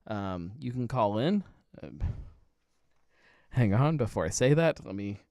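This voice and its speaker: A man's voice: lowish voice, lively intonation, measured pace, darkish tone, dry recording. A man in his thirties hosting a casual live happy-hour show from home, rambling in a laid-back way and chuckling often. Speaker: podcast host. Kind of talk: casual live-stream chat.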